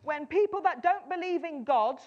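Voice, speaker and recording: A woman's voice: extremely high pitch, expressive, normal speed, dull audio, faint music behind. A woman preaching a sermon, emphatic, often repeating her key phrases and acting out a doubter's replies.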